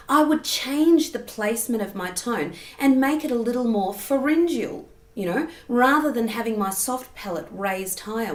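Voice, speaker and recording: A woman singing teacher explaining vocal technique patiently and clearly, often checking in with the listener. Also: a little high. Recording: roomy echo.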